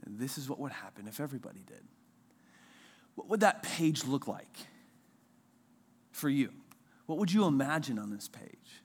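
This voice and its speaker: Animated man preaching a casual sermon. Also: normal speed, pauses often, husky. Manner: animated, conversational, acts out quotes with big pitch jumps. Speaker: pastor.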